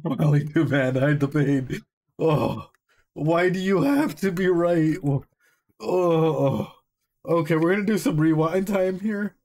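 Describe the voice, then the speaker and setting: Slow-talking man in emotional reaction. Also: fairly high pitch, a little mellow. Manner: swears freely, laughs to hold back tears. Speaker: psychologist reacting to anime. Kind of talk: emotional live reaction commentary.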